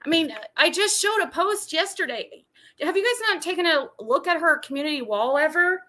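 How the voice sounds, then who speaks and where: Bright, indignant woman streamer ranting. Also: very high voice, animated, normal speed. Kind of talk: livestream drama commentary.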